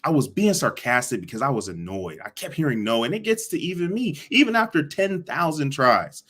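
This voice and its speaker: A man teaching a live online sales session, energetic and repetitive, asking the audience to answer back. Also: on the high side, fairly quick, breathy edge. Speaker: sales coach.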